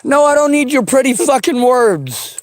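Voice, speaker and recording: A man venting in an angry, profane rant, often shouting and swearing hard. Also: very high-pitched, big pitch swings, normal speed. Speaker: vlogger.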